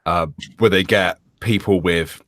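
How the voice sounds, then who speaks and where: A man's voice: sits low, fairly even intonation, unhurried, fairly bright tone, no room sound, clean studio sound. A man in a casual podcast chat, hesitant with many uhs and restarts.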